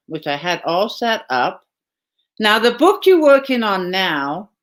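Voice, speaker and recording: Woman, host, casual video chat, chatty, quick follow-up questions. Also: mid-range voice. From England. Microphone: video call.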